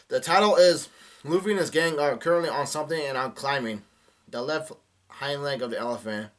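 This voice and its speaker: A young man with a medium-pitched voice at normal speed reacts live and casually to a manga chapter. He reads the dialogue aloud, full of fillers and restarts.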